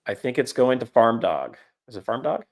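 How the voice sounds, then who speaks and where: A man's voice: medium pitch, expressive, moderate pace, creaky, a little mellow. A middle-aged man hosting a casual livestream chat, rambling with fillers and restarts. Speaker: livestream host.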